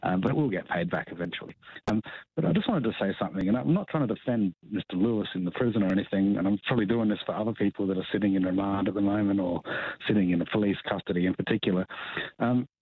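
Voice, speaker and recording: Husky deep-voiced Australian caller on the phone. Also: male voice, fast talker, no echo. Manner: rambling, hesitant, many ums and restarts. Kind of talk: phone-in talkback call. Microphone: telephone. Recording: tinny phone line.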